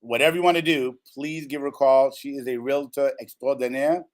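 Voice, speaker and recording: A man's voice: medium pitch, fairly even intonation, brisk. A man hosting a radio talk show, upbeat and playful.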